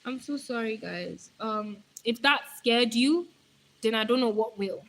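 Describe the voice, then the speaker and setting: A young woman chatting casually on her live stream, rambling playfully and answering viewer comments, her voice going hoarse. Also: on the high side, lively intonation, unhurried, low-quality recording.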